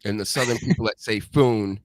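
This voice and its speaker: A man's voice: medium pitch, animated, moderate pace, fairly bright tone, no room sound, clean studio sound. A man from New England hosting a live-stream show, chatting bluntly with crude jokes. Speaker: host. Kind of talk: casual live-stream chat.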